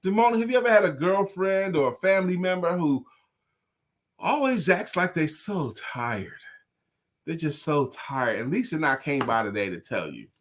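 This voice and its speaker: A man co-hosting a casual live-stream chat, telling dad jokes and laughing loudly at them and greeting viewers by name. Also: a little high, sing-song, moderate pace. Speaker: co-host.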